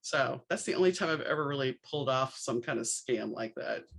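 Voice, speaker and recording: Her voice rumbles low and moves fairly quickly as she tells anecdotes on her podcast. Hailing from New Orleans, she's a lively, wry storyteller who voices each character's lines.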